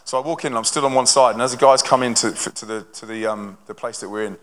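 A young man from a touring Christian band, telling stories to a church audience in an energetic, conversational way with lots of restarts. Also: mid-range voice, quick pace. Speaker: touring Christian band member speaking to a congregation. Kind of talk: live testimony talk to an audience. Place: church hall with a live audience. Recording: long hall reverb from a large venue.

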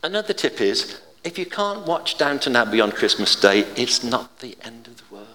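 A man's voice: medium pitch, big pitch swings, normal speed. Older man preaching in a reverberant hall. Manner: chatty, anecdotal, gently humorous. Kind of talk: informal sermon.

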